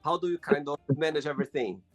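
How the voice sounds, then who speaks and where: A man hosting a casual interview, speaking English as a second language and agreeing warmly with his guest. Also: a little high, faint music behind. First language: not English. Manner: encouraging, quick to agree. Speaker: podcast host.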